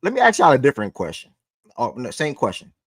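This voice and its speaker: A man in his twenties hosting a casual sports talk show, animated, swearing and talking straight to viewers. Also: medium pitch, fast, no room sound, clean studio sound. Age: 20s.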